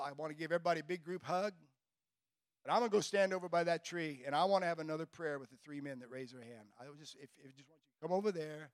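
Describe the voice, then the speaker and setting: A man's voice: on the high side, no echo. Fervent preacher man, dry close sound. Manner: fervent, repetitive praying cadence. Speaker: pastor. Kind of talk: closing prayer and altar call.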